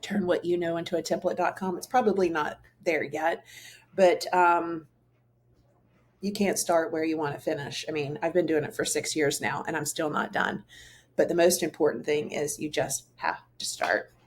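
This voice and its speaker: A woman's voice: low voice, fairly even intonation, normal speed, a little hiss or hum. A middle-aged woman hosting her own show, talking earnestly and casually to camera, rambling with fillers and restarts. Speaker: host. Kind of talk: casual solo talk to camera.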